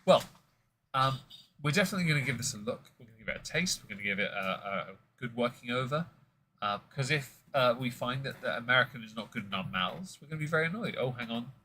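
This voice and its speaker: A man's voice: medium pitch, animated, quick pace, sharp tone, a little hiss or hum, poor audio. A man hosting a casual whisky tasting stream, rambling and joking with many fillers.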